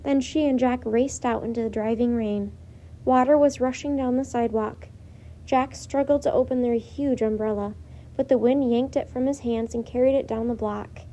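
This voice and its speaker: A woman reading a children's story aloud with lively, expressive narration. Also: fairly high pitch, normal speed.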